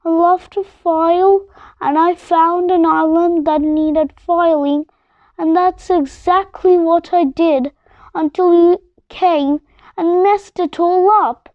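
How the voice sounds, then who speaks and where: A woman voicing a grumpy, filing-obsessed male monster in a storybook reading, with a slow growl. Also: very high-pitched, steady tone, no echo, highs cut off. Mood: smug.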